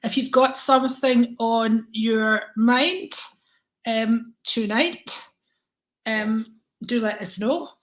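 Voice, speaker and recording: A woman chats through a live-stream card reading, greeting viewers by name and calling them darling. Her voice sits fairly high, and a tickle in her throat catches now and then. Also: slow pace, fairly bright tone, rough recording. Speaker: psychic reader and livestream host.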